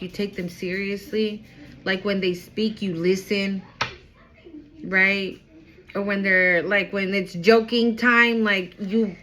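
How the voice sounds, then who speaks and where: A woman's voice: medium pitch, slight background noise, poor audio. A woman giving a casual spiritual reading straight to her viewers, emphatic and chatty, with casual swearing. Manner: excitable, quick swings in loudness. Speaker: intuitive card reader.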